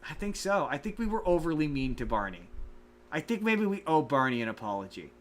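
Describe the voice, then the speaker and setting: A man casually recapping a movie on a podcast, animated and acting out the characters' lines. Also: a little fast. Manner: animated, acts out quoted lines in high voices. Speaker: podcast co-host.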